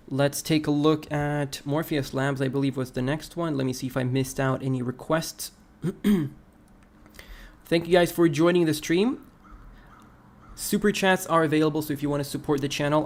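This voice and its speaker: A man of ordinary middle pitch hosts a live crypto stream. He talks through charts in a relaxed, conversational way and stops now and then to read viewer messages aloud. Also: gravelly. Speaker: crypto livestream host. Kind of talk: casual livestream chart analysis.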